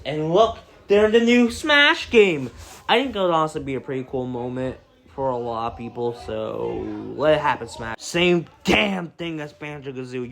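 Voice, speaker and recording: A teenage boy giving casual, profane video commentary, excitable and prone to sudden outbursts. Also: medium pitch. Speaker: gaming video creator.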